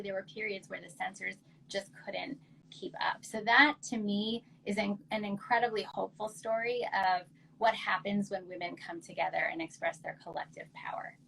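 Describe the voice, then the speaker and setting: A woman guest expert answering interview questions in an articulate, measured way. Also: medium pitch, vocal fry, a bit bright, slightly rough, poor audio. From United States.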